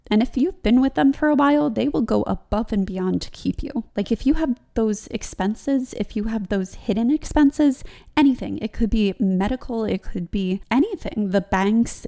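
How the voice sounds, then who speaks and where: Chatty woman with a creaky, warm voice. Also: a little high. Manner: chatty, rambling, laughs often, fillers like "like". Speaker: budgeting channel host. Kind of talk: casual vlog talk to viewers.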